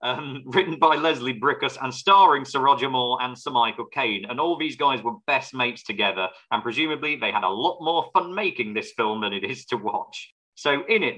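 A man's voice: mid-range voice, bright, forceful tone, low-quality recording. A man co-hosting a film podcast, reviewing a movie with wry, sarcastic humor. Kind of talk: casual film review chat.

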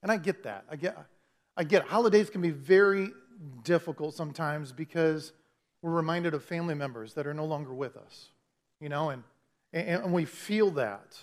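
High-voiced male pastor preaching. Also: moderate pace. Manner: conversational preaching with repeated restarts. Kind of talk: sermon. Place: church.

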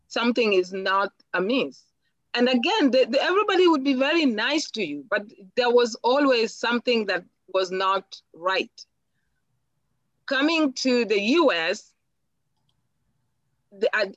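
A woman's voice: fairly high pitch, no echo, lo-fi sound. A woman from Africa, earnestly and reflectively as an interview guest, often repeating words as she thinks. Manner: earnest, reflective, with frequent repetitions. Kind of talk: personal interview.

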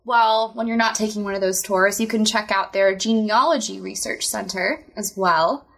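A woman's voice: medium pitch, moderate pace, creaky. A woman co-hosting a podcast in casual chat, upbeat and chatty with playful exclamations. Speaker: podcast co-host.

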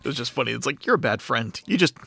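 A man joining as a guest in a casual movie chat, jumping in with quick jokes. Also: medium pitch, expressive, creaky, a bit bright, slightly rough, dry recording, faint music behind. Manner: quick, joking interjections.

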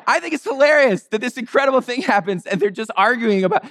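A man's voice: very high voice, lively intonation, a little fast, a bit bright. A man preaching a sermon in a conversational, wry way, sometimes acting out the people in the story in playful voices. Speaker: pastor.

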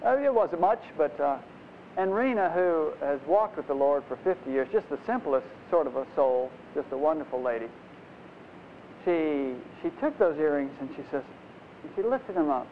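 A man preaching a conversational, animated sermon, acting out the voices in his stories, in a dull lo-fi recording. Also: a little high, moderate pace. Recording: dull lo-fi recording, faint noise.

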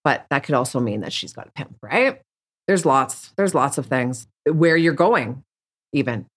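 Low-voiced woman, blunt. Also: expressive, normal speed. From Canada. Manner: blunt, rambling, many restarts. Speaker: podcast guest. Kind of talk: candid interview conversation.

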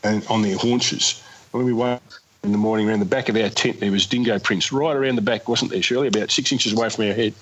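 A man, a traveller and guest, telling road-trip stories in animated casual chat with exasperated asides. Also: fairly low pitch, quick pace, poor audio.

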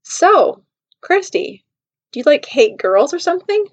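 A man's voice: very high voice, sing-song, a little slow, lo-fi sound, voice pushed up, exaggerated voice. A woman voicing a teasing, easygoing young man in her own story, kept close to her own voice.

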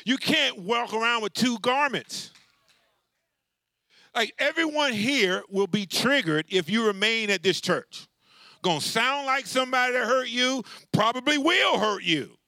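A man preaching a sermon as pastor, animated and conversational, calling out to the congregation for responses. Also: very high-pitched, unhurried, no echo. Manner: animated, with many restarts and asides.

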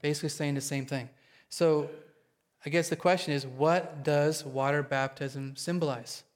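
A man preaching a sermon to his congregation, excitable and quick, often checking in with them. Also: fairly high pitch. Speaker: pastor.

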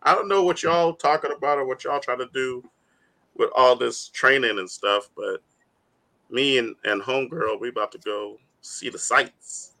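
A man voicing a laid-back young male hedgehog hero, talking in a slangy, easygoing drawl, a bit lower than his own voice. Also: moderate pace, creaky, bright, forceful tone, low-quality recording.

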